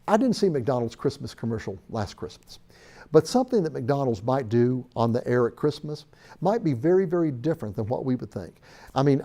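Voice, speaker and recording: Animated man teaching a sales course. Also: mid-range voice. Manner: storytelling, animated and emphatic. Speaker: sales trainer. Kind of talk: recorded training lecture.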